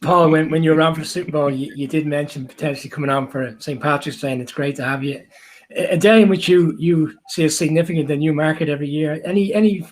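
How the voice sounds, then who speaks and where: Fast-talking co-host. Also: male voice, fairly high pitch, poor audio.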